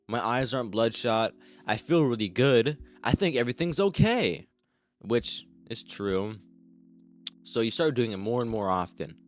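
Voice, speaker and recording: A young man tells a crude, meandering comedy story, swearing freely and talking straight to the listener. His voice sits low but swings up and down with a lot of expression. Soft music plays underneath. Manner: rambling, crude, heavy swearing, addresses listener as you. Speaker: storytime vlogger.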